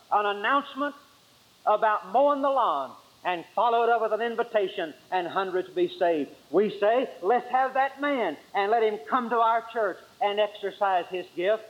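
Male preacher, raised pitch, emphatic sermon delivery, dull lo-fi recording. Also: moderate pace. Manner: emphatic, rises high then drops to quiet lines.

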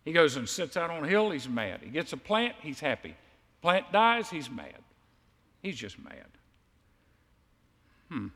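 A man preaching a sermon, telling a story with lively asides and acting out the quotes. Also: a little high, a little slow, pauses often, big-room sound.

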